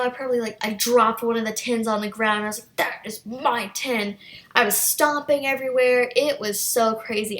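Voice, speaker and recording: Young woman, YouTube storytime host, animated and self-deprecating. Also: medium pitch. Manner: animated, self-mocking, laughs often. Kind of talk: casual storytime.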